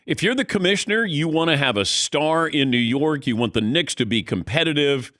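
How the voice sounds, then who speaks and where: A middle-aged man hosts a sports talk show with a lively, rising-and-falling voice that swings widely from phrase to phrase. He tells animated stories and acts out quotes in a casual studio chat. The sound is close and dry, with no room around it. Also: on the high side, fairly quick, dry recording. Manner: animated storyteller, acts out quotes, laughs mid-sentence. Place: radio studio.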